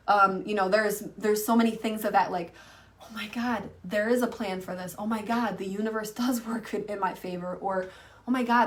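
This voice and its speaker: A woman's voice: medium pitch, distant mic. A woman in her thirties, an online coach, teaching in a chatty, rambling way full of fillers and restarts. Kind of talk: casual teaching to camera.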